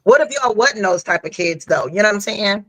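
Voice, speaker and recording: A man's voice: sits high, animated, fairly quick, sharp tone, no room sound, poor audio. A man co-hosting a podcast, chatting casually and responding with reflective, agreeable remarks. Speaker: podcast co-host. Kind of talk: casual chat.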